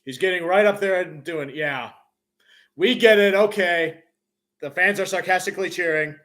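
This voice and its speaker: A man with a high voice calls a football game as a fan on his own live stream. He narrates each play in casual play-by-play and breaks into loud cheers when his team scores. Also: moderate pace. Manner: excitable, bursts into loud cheers.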